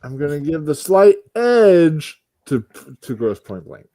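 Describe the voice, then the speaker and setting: A man on a casual podcast panel who talks fast and swears in exasperation. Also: a little high, sing-song, dark tone, no room sound, studio quality.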